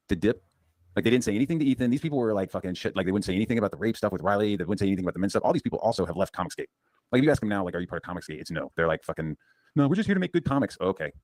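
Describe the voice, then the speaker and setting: A man's voice: sits low, animated, racing, darkish tone, dry recording. A man telling a long profane story in a rambling casual rant, full of restarts and fillers. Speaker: comics channel host.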